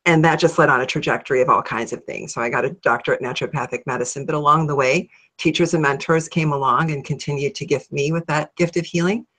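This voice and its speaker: A middle-aged woman from Ohio, a guest in an interview, telling her story in a lively way and acting out her own thoughts. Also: deep voice, fast, hardly any pauses. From Ohio, USA. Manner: animated, acts out her own thoughts in a raised voice.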